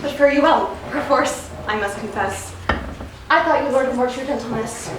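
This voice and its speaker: A woman's voice: high voice, moderate pace, close to an everyday voice. A woman playing a spurned, lovesick young noblewoman on stage, with impassioned, pleading delivery. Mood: distraught. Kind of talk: live stage acting. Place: theater stage. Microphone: far camera in the audience. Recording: echoey theater from far off, background noise.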